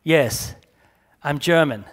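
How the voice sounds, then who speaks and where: A reserved, tall German woman with dry, clipped answers, as a man reading his story puts her on. Her lines come out flat and slightly lower than the narration around them. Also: slow pace. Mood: deadpan. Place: live reading in a café.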